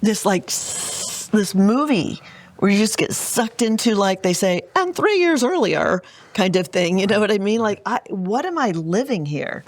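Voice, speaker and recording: A woman's voice: medium pitch, a little slow. A middle-aged woman, a guest on an interview show, telling a personal story in an earnest, vivid way and often addressing the host. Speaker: guest entrepreneur. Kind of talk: emotional storytelling.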